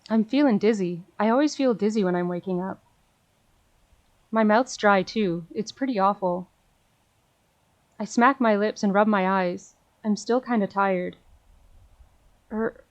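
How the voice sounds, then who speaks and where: A woman's voice: medium pitch, unhurried, pauses often, muffled recording, natural voice. A woman reading a sleepy, grumbling lost boy.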